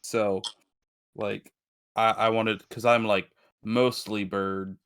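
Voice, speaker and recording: Man playing a chatty bird-person, eager and rambling, low and flat. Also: slow, smooth. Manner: eager, rambling, restarts mid-sentence. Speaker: player. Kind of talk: playing a tabletop game in character.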